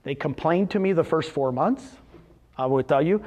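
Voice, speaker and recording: An energetic middle-aged man giving a motivational business talk, firing questions at the audience and answering them himself. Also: on the high side, moderate pace. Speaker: real estate brokerage executive speaking at a company event.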